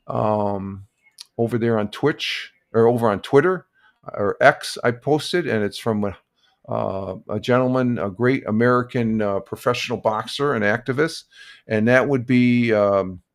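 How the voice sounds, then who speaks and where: An older man with a voice on the low side hosts a casual morning live stream, rambling and halting as he talks, with many restarts and chuckles.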